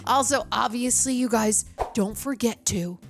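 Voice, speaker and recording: A woman's voice: a little high, measured pace. A young woman co-hosting a movie reaction show, talking in a bubbly, chatty way full of asides. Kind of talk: casual chat.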